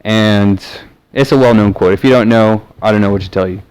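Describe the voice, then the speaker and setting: In a rough recording, a Southern American man rambles casually to camera, stumbling through fillers and restarted sentences. His fairly low voice is smooth and darkish, and he talks fairly quickly. He's a vlogger.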